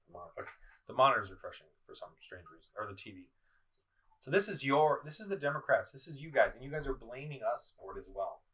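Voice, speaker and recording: A man's voice: medium pitch, very animated, fast, sharp tone. A middle-aged man ranting in a video commentary. He talks in an accusing, heated way and often stumbles, restarts and repeats himself. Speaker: political vlogger. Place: indoors at home, in front of a screen. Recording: voice somewhat far from the mic.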